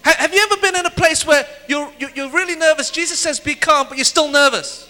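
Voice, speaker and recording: A man preaching a sermon in pauses for an interpreter, acting out scenes and dropping to a soft, slow voice for quoted words. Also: very high voice. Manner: animated, acts out scenes, drops to soft slow voice for Jesus' words. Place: church hall. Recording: echoey hall. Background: long hall reverb.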